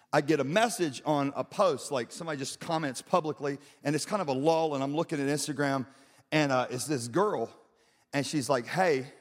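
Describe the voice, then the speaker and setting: A man preaching a sermon as pastor, telling a story and then rising into shouted preaching, his throat strained from shouting. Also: mid-range voice, big-room sound.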